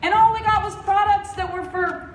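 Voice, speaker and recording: A woman's voice: very high voice, steady tone, moderate pace, a little hiss or hum. A middle-aged woman giving a blunt, fired-up, jokey motivational talk from a convention stage, sounding stuffy and congested. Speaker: convention speaker. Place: large convention hall. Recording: roomy hall audio from far off.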